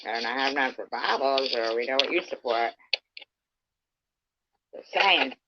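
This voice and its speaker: A woman argues on a livestream, insisting she meant no harm. Her pitch swings widely as she talks. The audio is dull and lo-fi. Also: lively intonation, measured pace, background noise. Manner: defensive, explaining herself. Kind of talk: heated livestream argument. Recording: muffled lo-fi stream audio.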